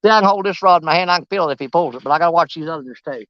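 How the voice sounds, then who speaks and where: A man's voice: fairly high pitch, very fast, fairly bright tone, dry recording, dull audio. A man, chatting casually and jokingly while fishing on a riverbank. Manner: folksy, joking, rambling. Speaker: fishing vlogger. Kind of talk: casual outdoor fishing commentary. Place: outdoors on a riverbank.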